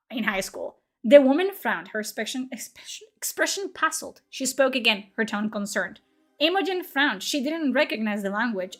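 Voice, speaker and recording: A woman's voice: fairly high pitch, fairly bright tone. A woman streamer reading her own story aloud, breaking off for casual, self-mocking asides and swearing freely. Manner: swears freely, laughs at herself, chatty asides.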